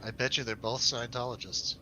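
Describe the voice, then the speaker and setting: A man's voice: mid-range voice, little pitch movement, a little fast, pushed and bright, a little hiss or hum, low-quality recording. A man co-hosting a casual film review show, joking and laughing as he chats over drinks. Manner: laughs often, jokey asides to viewers.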